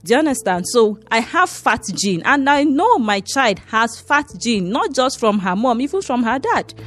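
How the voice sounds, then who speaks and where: A middle-aged woman with a Nigerian accent, a dietitian giving an impassioned talk, emphatic and preachy with repeated rhetorical questions. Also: medium pitch. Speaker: dietitian and show host.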